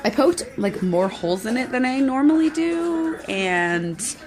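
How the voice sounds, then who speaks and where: A woman's voice: high voice, lively intonation, unhurried. A young woman chatting casually in an upbeat vlog. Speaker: vlogger.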